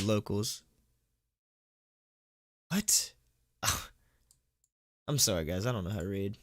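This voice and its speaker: Low-voiced man fumbling through a live reading. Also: animated, slow pace, long pauses, dry recording. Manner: stumbling, self-mocking, laughing at his own slips; chatty, thanks donors between passages. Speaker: horror story narrator and streamer. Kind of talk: live-streamed story reading. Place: at home.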